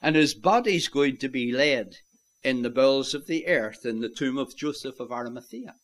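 A man preaching a sermon, swinging from loud declarations to hushed, near-whispered lines and calling his listeners "my friends". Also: medium pitch, moderate pace.

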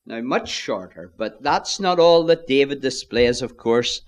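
A man preaching a sermon, earnest, reading scripture in old-fashioned wording and dropping to a near hush for emphasis. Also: medium pitch, expressive, a little slow.

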